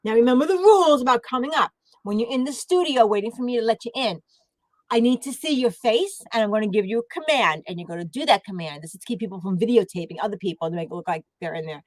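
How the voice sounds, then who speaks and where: A woman's voice: fairly high pitch, expressive, fast talker, dry recording. A woman hosting a livestream panel, chatting casually and playfully with lots of laughter. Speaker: livestream host. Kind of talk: casual chat.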